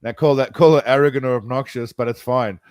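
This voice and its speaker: A man's voice: medium pitch, fairly even intonation, quick pace, a little mellow, no room sound. A man, casually commenting on a live stream and talking straight to his chat in a rambling way. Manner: rambling, chatty, talks to chat directly. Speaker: streamer reacting to videos.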